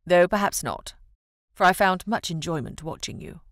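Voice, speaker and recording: A woman voicing a playful, teasing young gentleman suitor in an audiobook, in dry, mischievous banter. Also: fairly low pitch, expressive, normal speed, dry recording.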